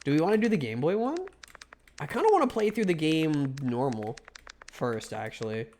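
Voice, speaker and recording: A man's voice: a little high, very animated, normal speed, a little mellow, slight background noise. A man streaming a video game live, giving casual commentary, joking and swearing as he talks back to the game.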